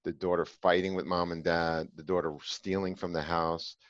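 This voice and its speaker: A man's voice: low-pitched, little pitch movement, moderate pace, dry recording, dull audio. A man hosting a podcast, telling a personal story to his co-host in an earnest, emphatic way with filler "uh"s.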